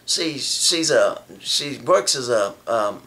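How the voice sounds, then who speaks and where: A man voicing an upset fellow bus rider who complains about his girlfriend, halting as he searches for words. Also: mid-range voice, animated, bright, forceful tone, full character voice.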